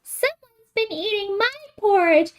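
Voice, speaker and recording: Woman doing a high squeaky bear cub for a storybook, whiny and near tears. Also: measured pace, noisy background. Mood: squeaky, upset.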